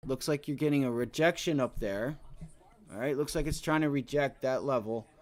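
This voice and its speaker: A man's voice: mid-range voice, moderate pace. A man in his thirties hosting a live day-trading stream, talking to himself and his viewers about the chart, swearing now and then. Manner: talks to himself and the chart, swears, frustrated at times. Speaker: day trading livestream host. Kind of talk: casual live trading commentary.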